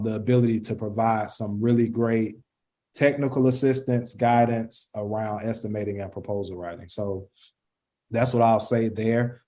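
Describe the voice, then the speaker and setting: A man hosting a program panel, speaking in a measured, affirming way. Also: mid-range voice, mellow. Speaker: program host. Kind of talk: online panel discussion.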